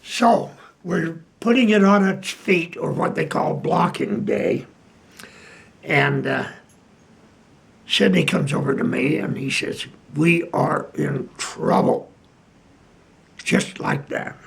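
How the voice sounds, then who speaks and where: Older male raconteur, gravelly and unhurried, lively pitch. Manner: slow, halting storytelling with many fillers. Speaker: retired piano player telling stories. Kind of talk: casual anecdote.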